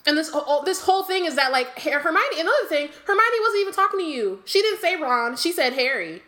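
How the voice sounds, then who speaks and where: A woman co-hosting a casual book podcast, reading passages aloud and riffing on them in an animated way. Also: extremely high pitch, fast. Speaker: podcast co-host.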